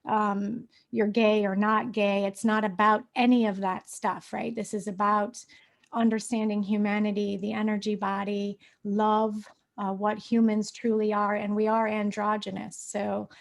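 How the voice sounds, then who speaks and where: Woman host, mid pitch, loose rambling delivery full of fillers, video-call chat. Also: level tone, a little slow, gravelly. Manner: rambling, many fillers and restarts, laughs lightly. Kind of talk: casual spiritual conversation.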